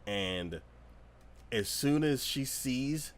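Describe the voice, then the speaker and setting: A man co-hosting a casual anime review podcast, retelling a show's plot as a lively storyteller who acts out scenes with loud squeals and laughter. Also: medium pitch, extremely slow, slight background noise. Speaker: podcast co-host. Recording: livestream podcast.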